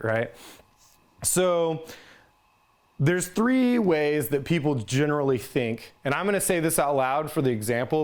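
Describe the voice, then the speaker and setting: A man leads an instructional talk on handling stress, speaking in a slightly raised register. His delivery is casual and conversational, and he often checks in with a quick "right?" as he goes. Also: a little high. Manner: conversational, ends points with "right?". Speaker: resiliency trainer.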